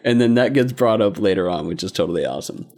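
A man's voice: low voice, expressive, fast talker, a little mellow. A man in a casual podcast chat, walking through anime episodes. He laughs often and rambles, restarting his sentences as he goes. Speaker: podcast co-host.

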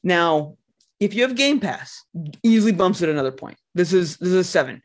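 A man co-hosting a casual podcast, rambling and animated, laughing and swearing as he reviews games. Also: high-pitched, a little fast. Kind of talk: casual chat.

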